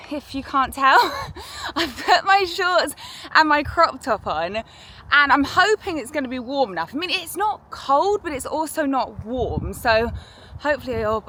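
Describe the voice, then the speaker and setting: Bright-voiced chatty woman vlogging. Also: high voice, slight background noise. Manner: chatty and quick to laugh. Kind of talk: casual travel vlog chat. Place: outdoors on a hiking trail.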